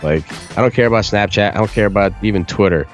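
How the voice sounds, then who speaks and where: A male music producer, appearing as a podcast guest, explains marketing in a casual chat, blunt, profane, and animated. He speaks fast with a fairly low pitch.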